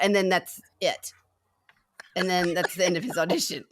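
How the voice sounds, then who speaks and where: A woman co-hosting a podcast, retelling film scenes in a halting, rambling way. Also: on the low side, fairly even intonation, noisy background. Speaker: podcast co-host. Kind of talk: casual chat.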